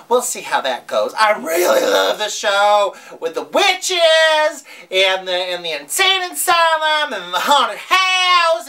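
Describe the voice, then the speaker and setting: Женщина изображает хихикающую южанку-ведущую. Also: female voice, high voice, bright, forceful tone, full character voice. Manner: giggly, brash, swooping. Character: brash Southern small-town woman reporter, crude. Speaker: comic news host. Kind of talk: comedy sketch news recap.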